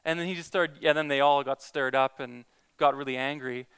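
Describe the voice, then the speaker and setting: A man's voice: medium pitch, steady tone, fairly quick, fairly bright tone, clear, resonant tone. A man who is a Christian evangelist, earnestly telling a story in a casual talk, with many restarts.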